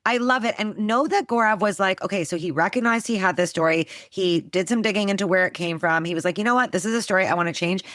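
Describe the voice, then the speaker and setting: Animated woman hosting a podcast chat. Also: mid-range voice, no echo, clean studio sound. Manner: animated, quick to swear and joke; coaching and teacher-like. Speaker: podcast host. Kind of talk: casual podcast conversation.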